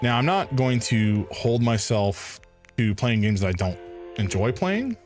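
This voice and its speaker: A man's voice: mid-range voice, sing-song, unhurried, a little mellow, faint music behind. A man streaming a game, chatting casually in a rambling, hesitant way. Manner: rambling, hesitant, with many fillers. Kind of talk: casual gaming stream chat.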